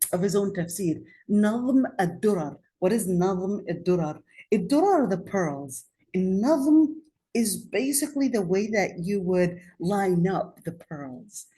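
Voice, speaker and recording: A woman's voice: medium pitch, mellow. A woman giving a religious studies lesson, talking conversationally and putting questions to her class. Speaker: Islamic studies lecturer. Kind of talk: classroom lecture.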